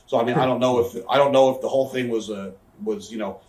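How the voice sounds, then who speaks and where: Fast-talking man telling wrestling stories. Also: mid-range voice, fairly even intonation, a little mellow. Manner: rapid, profane, acts out quoted voices. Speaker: interview guest, former wrestler. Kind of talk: candid storytelling interview. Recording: echoey room, somewhat far from mic.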